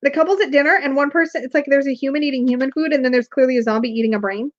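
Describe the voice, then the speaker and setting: Gushing, excitable high-voiced woman host. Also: racing. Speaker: tarot reader and live stream host. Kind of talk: casual live stream chat. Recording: dull lo-fi stream audio.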